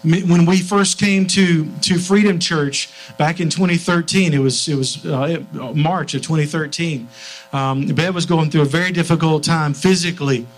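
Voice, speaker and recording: Earnest middle-aged preacher, higher voice. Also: male voice, steady tone, moderate pace, slight background noise, poor audio. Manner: earnest storytelling, frequent restarts. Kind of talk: sermon. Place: church.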